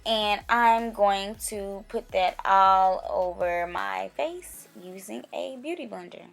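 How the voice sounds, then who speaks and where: A woman's voice: medium pitch, takes it slowly, creaky. Chatty young woman narrating a makeup tutorial. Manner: chatty, talks straight to viewers. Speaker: beauty vlogger. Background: faint music.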